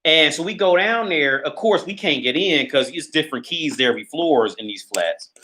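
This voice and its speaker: Background noise accompanies this man's animated, somewhat high voice as he talks a little fast. He's hosting a laid-back livestream from his small apartment, telling a profane story and laughing often, filmed by a phone or camera held in his hand.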